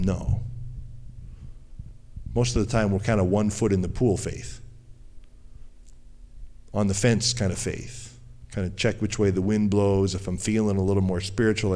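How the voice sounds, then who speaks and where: A male pastor giving a conversational sermon, acting out what people say and dropping to a low, quiet voice for emphasis. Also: fairly even intonation, normal speed, pauses often.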